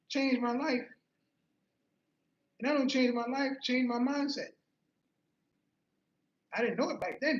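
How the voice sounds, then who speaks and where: A man's voice: very high-pitched, a little hiss or hum. A man giving an earnest personal motivational talk, telling a story and repeating key phrases for emphasis. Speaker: motivational speaker. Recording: roomy, slightly muffled.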